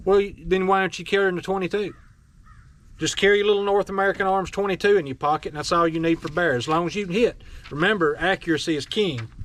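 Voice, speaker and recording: A man's voice: high-pitched, fairly bright tone, slight background noise. A man, blunt and scolding as he rants to his audience with folksy, mocking asides. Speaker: firearms vlogger. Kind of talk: opinionated rant to camera.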